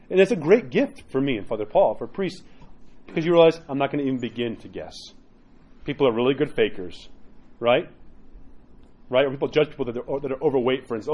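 A man who is a priest, preaching in a conversational, animated way, with many rhetorical "right?" asides and quoted inner voices acted out. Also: quick pace, dull audio. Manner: acts out quoted inner voices with sudden jumps in pitch. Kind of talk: sermon.

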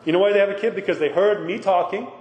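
The priest's voice sits high and moves at a quick pace, with the highs cut off in the recording. He gives an emphatic, conversational sermon packed with rhetorical questions in an echoey hall that carries faint background noise.

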